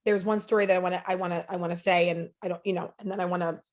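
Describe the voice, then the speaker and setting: A woman's voice: on the low side, little pitch movement, rapid-fire. A woman speaking as a podcast guest, telling a story in an earnest, emphatic, motivational way. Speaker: podcast guest, sales leader.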